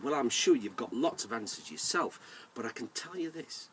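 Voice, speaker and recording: A man telling a folk tale to children in a lively way, inviting the listeners to join in. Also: medium pitch, normal speed, far from the mic, slight background noise. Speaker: storyteller. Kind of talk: oral storytelling for children.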